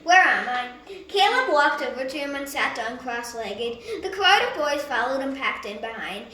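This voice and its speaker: A woman reading a novel chapter aloud in a lively storybook narration, with small stumbles and self-corrections. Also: high voice, moderate pace. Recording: echoey room.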